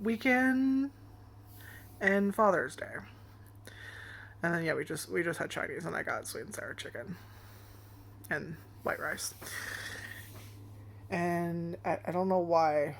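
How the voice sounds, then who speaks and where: A young adult woman telling a rambling casual story as a vlogger, swearing often and laughing along the way. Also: lowish voice.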